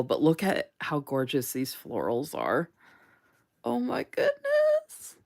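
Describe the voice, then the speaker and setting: A woman hosting a casual live stream, gushing with enthusiasm over planner stickers and reading viewer comments aloud. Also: very deep voice. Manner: gushing, enthusiastic, says "oh my gosh" often. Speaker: host of a live sticker showcase.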